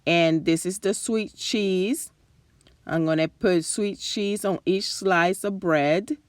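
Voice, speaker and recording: A woman hosts a casual cooking demonstration at her stove, talking slowly and chattily to her viewers. Her voice is fading as she goes, and the sound is close and dry with pans sizzling behind her. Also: lowish voice, dry recording. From New Jersey and New York area. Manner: chatty, enthusiastic, addresses viewers directly. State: losing her voice. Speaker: cooking channel host. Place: home kitchen at the stove.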